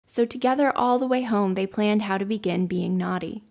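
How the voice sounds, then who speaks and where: Gravelly woman reading a story aloud. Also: medium pitch, darkish tone. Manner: measured storytelling. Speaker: podcast host.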